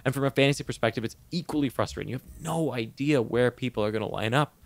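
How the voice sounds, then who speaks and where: A man co-hosting a podcast in casual sports chat, animated, laughing often and tripping over his words. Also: mid-range voice, fast, vocal fry. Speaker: podcast co-host.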